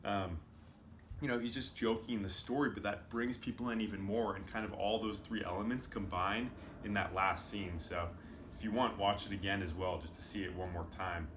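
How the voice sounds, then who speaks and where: A man's voice: lowish voice, fairly even intonation, moderate pace. A man giving a loose, casual commentary full of fillers as he explains clips. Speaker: video commentator. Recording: roomy with faint noise.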